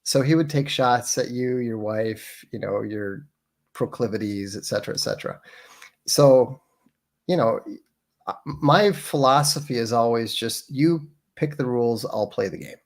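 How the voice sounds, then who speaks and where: Man in a halting, wry chat. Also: mid-range voice. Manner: halting, many fillers and restarts, wry. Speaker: podcast guest. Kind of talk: casual interview chat.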